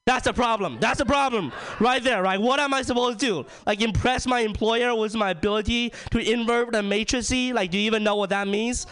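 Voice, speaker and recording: Ranting young stand-up comedian, smooth voice. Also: male voice, very high-pitched, a little fast, hardly any pauses, fairly bright tone. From China. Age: young adult. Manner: ranting, self-deprecating, heavy use of "like" and "right?".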